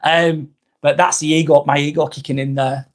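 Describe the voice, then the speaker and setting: Blunt, sweary man, fairly high voice. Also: little pitch movement, normal speed. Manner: confessional, reads viewer comments aloud. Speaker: live-stream host. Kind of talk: candid live-stream chat.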